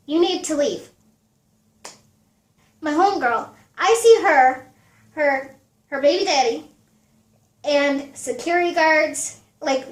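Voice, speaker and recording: High-voiced woman telling a story slowly. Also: reverberant. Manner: animated, peppered with fillers and swearing. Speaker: vlogger. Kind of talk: casual storytime chat.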